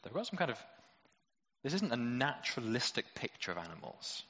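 A man's voice: mid-range voice, sing-song, fairly quick, a bit bright, long reverb tail, muffled recording, slight background noise. A male preacher giving a conversational sermon with many rhetorical questions and playful asides.

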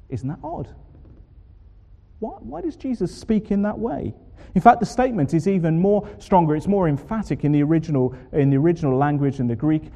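A man preaching a sermon, expressive and full of rhetorical questions. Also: a little high, normal speed, muffled recording. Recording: long hall reverb.

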